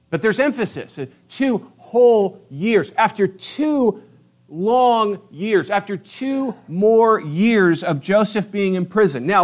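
A middle-aged man preaching a sermon in a church, telling stories and stretching out words for emphasis. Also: high voice. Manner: storytelling, emphatic drawn-out stresses. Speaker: pastor. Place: church sanctuary.

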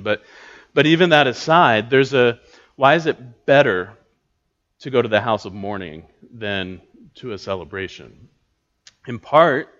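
A man teaching a church class on scripture, thoughtful and halting, with many filler words and restarts. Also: medium pitch, a bit bright. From United States. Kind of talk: Bible teaching talk. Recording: dull lo-fi recording.

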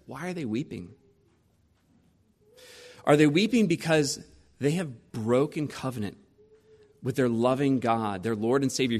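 Male pastor, forties, sermon, storytelling, rhetorical questions, mid-pitched voice. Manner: storytelling, rhetorical questions, lively shifts in loudness.

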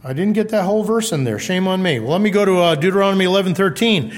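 A man's voice: high-pitched, quick pace, few pauses, long reverb tail. A man giving a sermon, reading scripture aloud and talking to the congregation in a loose, conversational way. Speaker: pastor.

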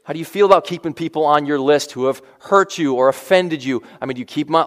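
Male pastor, conversational sermon delivery, fairly high voice, long church-hall reverb. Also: fast talker, fairly bright tone. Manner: conversational preaching with asides and restarts.

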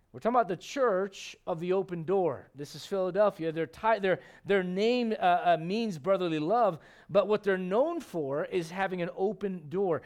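A man preaching a sermon in a church, lively and questioning his congregation directly. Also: high-pitched, brisk, few pauses. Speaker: pastor. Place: church sanctuary.

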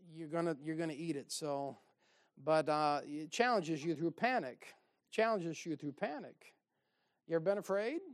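A man's voice: high voice, a little mellow, clean tone. A man preaching a sermon in a folksy, exhorting way, with asides and short laughs.

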